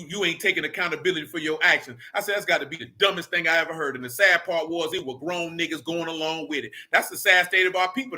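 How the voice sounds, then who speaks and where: A man's voice: sits high, sharp tone. A man leading a casual Bible study, blunt and slangy as he preaches and rants.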